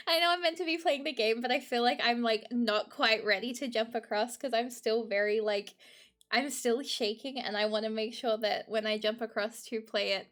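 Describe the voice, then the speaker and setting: A woman's voice: on the high side, moderate pace, a bit bright. Giggly young woman streamer. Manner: giggly, emotional, talks to chat. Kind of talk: casual live-stream chat.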